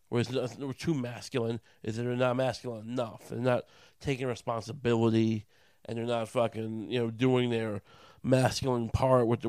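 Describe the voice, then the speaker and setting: A man's voice: medium pitch, darkish tone, dry recording. A man on a profane comedic rant, full of stammered restarts and mocking voices he puts on for others.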